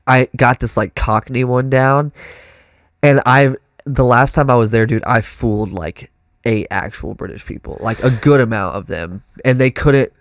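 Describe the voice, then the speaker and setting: This is a Texan man chatting as a podcast guest, his voice sitting at an ordinary middle pitch. He tells stories with lots of energy and breaks into other voices and laughter along the way. The studio sound is close and dry, with no room echo. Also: moderate pace, clean tone. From Texas. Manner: animated storyteller, acts out voices and laughs often. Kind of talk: casual chat.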